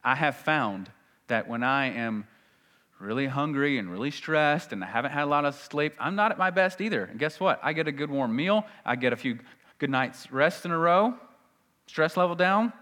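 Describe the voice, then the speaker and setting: A male preacher delivers a sermon from the pulpit, reading scripture and acting out the people in it. His voice is bright and forceful, pitched slightly high. A long reverb trails every phrase, as in a large sanctuary. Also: normal speed. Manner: animated preaching, reads scripture aloud and acts out the people in it. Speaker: pastor. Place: church sanctuary.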